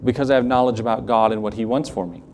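A middle-aged man with a Southern US accent preaching a sermon in an earnest, conversational way, with quick asides to the congregation. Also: medium pitch, steady tone, slight background noise. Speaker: pastor.

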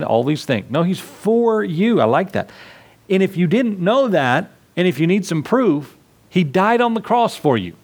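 A man's voice: high-pitched, very animated, measured pace. A man preaching a sermon to his congregation in a conversational way, acting out little scenes with asides. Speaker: pastor.

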